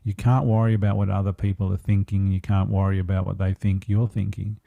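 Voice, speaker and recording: A man's voice: deep voice, flat delivery, brisk, gravelly, dry recording, narrow, tinny audio. A man speaking as an empowerment coach in a podcast interview, earnest and reflective, taking his time over his thoughts.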